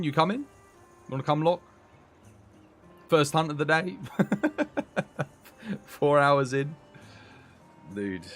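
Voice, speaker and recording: A man commentating his live game stream, excitable and chatty, talking to his chat. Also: medium pitch.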